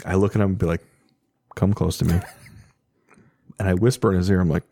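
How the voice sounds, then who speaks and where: Man, low voice, animated raconteur, swears freely, laughs mid-story, dry room. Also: moderate pace, no room sound. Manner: animated, laughing often, profane. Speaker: storyteller guest. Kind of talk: casual storytelling chat.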